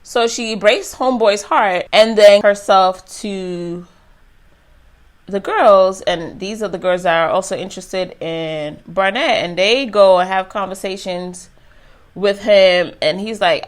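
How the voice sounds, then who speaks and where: A woman's voice: medium pitch, slow. A young woman reviewing a reality show in a casual, chatty recap full of slang. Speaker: YouTube reviewer.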